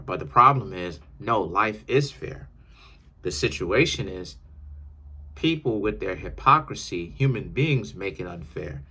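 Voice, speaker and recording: A man's voice: low-pitched, bright, forceful tone. A man giving a tarot reading in an emphatic, lecturing monologue, often repeating his words. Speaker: tarot reader.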